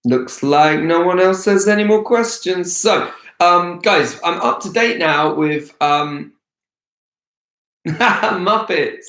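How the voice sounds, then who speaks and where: A man's voice: high-pitched, slow, a bit bright, echoey room. A man hosting a casual live-stream Q&A as an actor, chatty and rambling with many hesitations. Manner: rambling, hesitant, full of ums.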